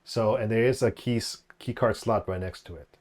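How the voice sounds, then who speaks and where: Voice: medium pitch, fairly quick, a little mellow. A game master running a tabletop game, often stopping and restarting his sentences mid-thought.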